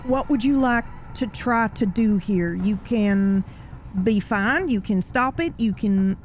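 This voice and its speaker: A woman narrating a tabletop horror game as game master, lively and quick to exclaim. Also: medium pitch, a little hiss or hum.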